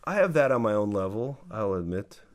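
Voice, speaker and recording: A man's voice: on the low side, big pitch swings, a little fast. A man co-hosting a podcast in casual chat, self-deprecating and hesitant, often restarting his sentences. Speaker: podcast co-host.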